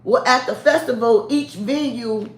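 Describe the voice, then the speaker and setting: A woman's voice: fairly high pitch, measured pace. A woman chatting casually to camera, sassy and candid, laughing often. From United States. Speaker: vlogger. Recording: echoey room.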